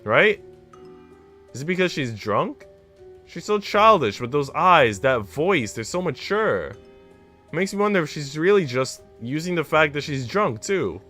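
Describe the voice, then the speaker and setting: A man streaming himself reading a visual novel aloud, expressive and reacting out loud between lines. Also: fairly high pitch, unhurried, faint music behind. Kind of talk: dramatic read-aloud with commentary.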